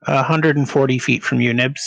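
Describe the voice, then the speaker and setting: A man's voice: mid-range voice, steady tone, fairly quick, vocal fry, fairly bright tone. A man running a tabletop game as game master, narrating with many filler sounds.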